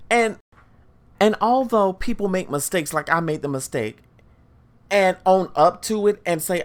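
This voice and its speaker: A podcast host with a fairly low, slightly slow voice tells a story in monologue. She speaks emphatically, addressing her listeners directly.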